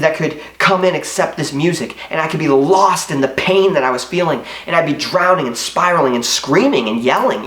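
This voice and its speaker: A man's voice: on the high side, fairly bright tone. Earnest young man in an echoey room. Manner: earnest, emotional, confessional, with hesitations. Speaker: motivational speaker. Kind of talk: personal story told to camera.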